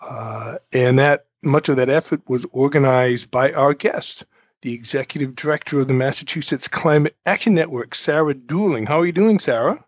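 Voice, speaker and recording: A man's voice: mid-range voice, moderate pace, no echo, dull audio. A man hosting a short talk show, explaining things casually and informally, step by step, with asides, before bringing in a guest. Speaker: host. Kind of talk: conversational explainer, interview intro.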